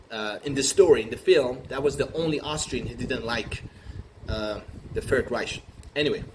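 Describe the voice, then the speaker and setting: Guy rambling through an improvised comedy bit, lots of ums and restarts, mid-pitched, noisy background. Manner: rambling, halting, full of fillers and restarts. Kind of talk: improvised comic monologue. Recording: noisy recording with room ambience.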